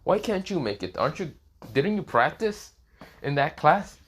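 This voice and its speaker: A man's voice: a little high, sing-song, moderate pace, fairly bright tone, breathy edge, voice pushed up, heavily acted. A man voicing Issei, a brash, foul-mouthed young male student who sounds annoyed and blunt. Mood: bargaining. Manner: swears constantly, blunt and annoyed.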